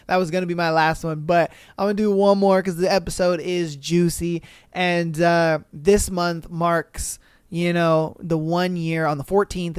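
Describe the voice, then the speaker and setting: A man hosting a podcast on his own, reading listener stories and reacting in loose, animated slang with a lot of swearing. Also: high voice, clear, resonant tone, no room sound, clean studio sound. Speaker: podcast host.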